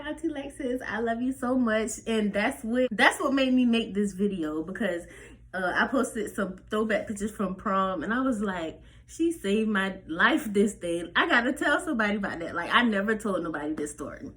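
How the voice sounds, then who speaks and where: A young woman tells a personal story in a casual storytime vlog, speaking straight to her viewers. Her voice sits fairly high, and her delivery is animated and loose, with plenty of swearing. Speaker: vlogger telling a personal story.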